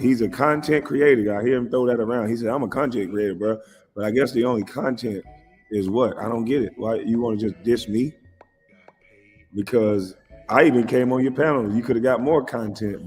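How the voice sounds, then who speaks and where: Low-voiced aggrieved American man, reverberant. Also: a little mellow. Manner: aggrieved, repetitive, swearing freely. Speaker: commentator reacting to a clip. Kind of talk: casual reaction commentary.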